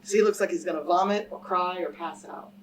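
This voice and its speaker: A woman's voice: on the low side, a little fast. A woman scholar giving a public lecture and telling a story to a live audience, emphatic and direct, often turning to the crowd with questions. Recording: speaker a little far from the mic, faint background noise.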